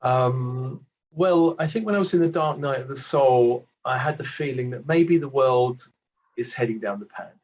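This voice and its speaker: A British man in his sixties, a reflective guest telling his story with gentle self-deprecating asides. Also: medium pitch, normal speed, slight background noise. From Britain. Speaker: award recipient guest. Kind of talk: reflective casual conversation. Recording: dull muffled lo-fi audio.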